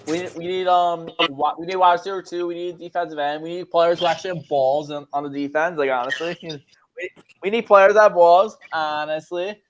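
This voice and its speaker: Young male call-in host, a bit high-pitched, halting, casual. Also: steady tone, slight background noise. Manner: halting, repeats words, laughs often. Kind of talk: casual call-in sports talk.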